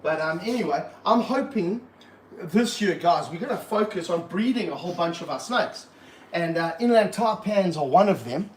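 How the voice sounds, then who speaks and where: A man running a casual livestream from his reptile room, excitable and jokey, full of slang. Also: high-pitched, moderate pace, reverberant, slight background noise, poor audio. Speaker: reptile park owner and streamer.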